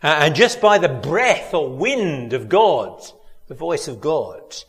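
A man's voice: on the high side, very animated, slow, in a large hall, faint music behind. A man preaching a sermon, earnest and questioning, speaking straight to the congregation.

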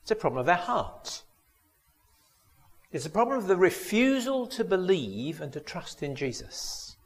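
A man's voice: high voice, very animated, a little slow, big-room sound. A man preaching a sermon, earnest and questioning, speaking straight to the congregation.

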